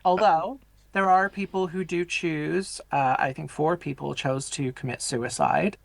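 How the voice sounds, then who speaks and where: A man co-hosting a movie podcast, calmly recapping the plot and explaining the characters in a measured way. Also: on the high side, creaky, no echo. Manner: measured, explanatory, hesitant fillers. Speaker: podcast co-host. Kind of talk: casual film discussion, plot recap.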